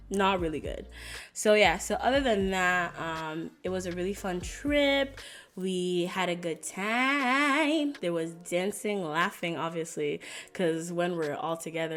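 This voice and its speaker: A young woman, telling stories in a casual vlog with lots of "like" fillers. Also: lowish voice. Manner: chatty and animated, lots of "like" fillers. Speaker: vlogger.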